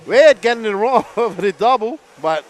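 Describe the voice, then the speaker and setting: A man calling a live RC car race as announcer, excitable and often laughing between calls. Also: sits high, a little hiss or hum.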